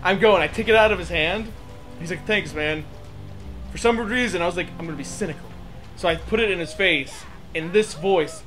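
A man's voice: high voice, normal speed, music in the background. A young man telling a funny story in casual chat over gameplay, laughing through his words. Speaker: let's play co-host.

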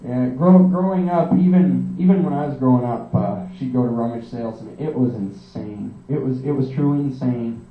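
A young man doing a rambling, energetic stand-up style monologue, talking fast and swearing often. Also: medium pitch, echoey room, far from the mic, narrow, tinny audio, soft background music. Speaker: comedian.

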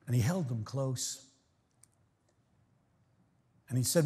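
A man's voice: mid-range voice, slow. Older man preaching in a reverberant church. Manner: animated storytelling, acting out congregation voices, swings between hush and shouts. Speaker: guest preacher. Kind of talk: sermon. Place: large church. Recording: long reverb of a large church hall.

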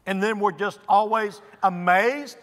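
High-voiced, slow-preaching man in a reverberant church. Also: fairly bright tone. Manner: emphatic, slow preaching with stressed pauses. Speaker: pastor. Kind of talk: sermon. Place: church sanctuary. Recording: long reverb of a church hall.

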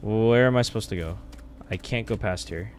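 A man doing excitable gameplay commentary, trash-talking and swearing at enemies. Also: lowish voice, normal speed. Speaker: let's play streamer. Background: game music.

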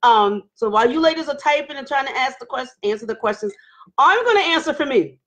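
A woman with a high, bright voice hosts a casual live-stream chat and reads out viewers' comments. She talks in a sassy, animated way and bursts out loudly at times. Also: a little fast. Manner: animated, sassy, loud outbursts and laughs. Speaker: host reading viewer comments.

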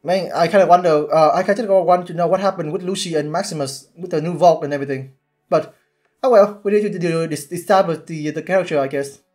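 Excitable halting man reacting to a show. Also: fairly high pitch, faint music behind. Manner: excitable, halting, many restarts. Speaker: YouTube reactor. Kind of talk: casual reaction commentary.

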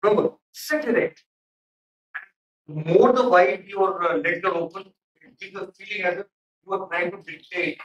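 A man's voice: high-pitched, normal speed, fairly bright tone, distant mic, dull audio. A man giving stern feedback in a mock interview, with many fillers. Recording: echoey room, off mic.

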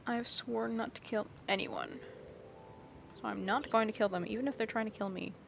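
A young woman with a fairly high, creaky voice does a casual, rambling let's-play as a gameplay streamer, speaking at a moderate pace. She's playful and often reassures herself. The audio comes from a dull lo-fi mic with a faint hiss.

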